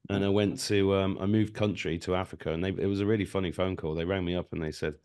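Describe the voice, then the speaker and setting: A man's voice: sits low, fast talker, clear, resonant tone. A middle-aged man from Britain, a guest telling stories in casual conversation and acting out the voices in them. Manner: animated storyteller, acts out voices in anecdotes.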